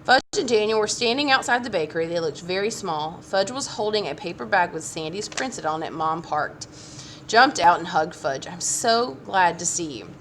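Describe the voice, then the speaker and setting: Woman, children's book reading, expressive, lively pitch, faint background noise. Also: normal speed. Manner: expressive, lively voicing of the story. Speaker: audiobook reader. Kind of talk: reading a children's novel aloud.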